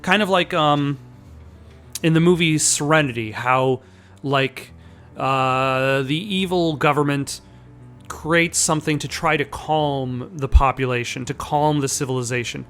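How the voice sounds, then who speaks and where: A young adult woman chatting casually and rambling while she plays and reads a story game. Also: low voice. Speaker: let's player. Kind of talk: casual gameplay commentary.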